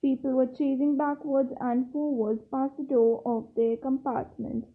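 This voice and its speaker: A woman reading a novel aloud, slowly, with small slips and restarts. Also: sits high, level tone. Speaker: reader. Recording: tinny phone-like sound.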